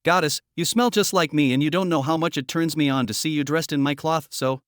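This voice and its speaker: A man voicing a young male werewolf alpha who speaks in a low, hushed murmur. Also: brisk, clear, resonant tone, dry recording, clean studio sound, lightly acted. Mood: intimate.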